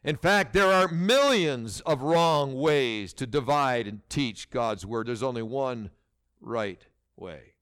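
Lively emphatic male preacher. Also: medium pitch, slow, clean tone. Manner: emphatic preacher, rhetorical questions, restarts. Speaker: pastor. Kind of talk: sermon.

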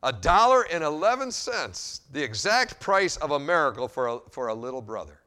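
A man voicing a kind, well-dressed male surgeon who speaks in a gentle, calm way. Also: on the high side, normal speed.

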